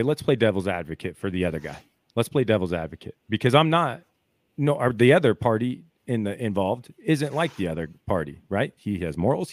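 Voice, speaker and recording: Midwestern male podcast co-host, rambling storyteller with very lively pitch swings, dry close-mic sound. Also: no echo. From American Midwest. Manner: rambling, hypothetical storytelling that swings from mutters to heated outbursts. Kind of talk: casual podcast chat.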